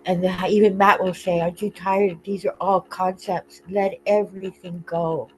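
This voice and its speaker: A woman on a video call, sharing openly and tearfully, halting often and laughing through her tears. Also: mid-range voice, little pitch movement, low-quality recording. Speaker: participant in an online group call. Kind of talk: emotional open sharing.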